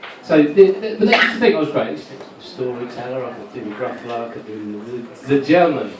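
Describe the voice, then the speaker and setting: A man's voice: mid-range voice, big pitch swings, fast talker. A man in his forties doing a rambling, self-mocking stand-up set with stumbling restarts. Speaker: stand-up comedian. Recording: roomy live venue from a distant mic, loud crowd laughter.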